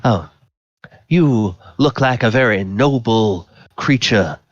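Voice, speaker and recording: A man's voice: mid-range voice, expressive, takes it slowly, no echo, highs cut off. A man voicing a pompous, flowery nobleman in a tabletop game, overly polite and gallant. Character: pompous gallant nobleman in oversized white hat.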